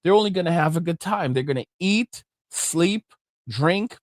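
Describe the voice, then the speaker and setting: A man with a somewhat high voice gives an emphatic, indignant rant as a commentary host. The sound is close and dry, with no room echo. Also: expressive, moderate pace. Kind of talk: reaction commentary with a promo.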